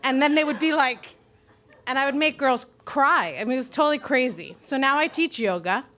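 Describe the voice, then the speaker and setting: Brooklyn-raised woman, high-pitched, live slam storyteller, salty and self-deprecating. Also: moderate pace, heavy background noise. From Brooklyn, New York. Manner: profane, self-mocking, animated.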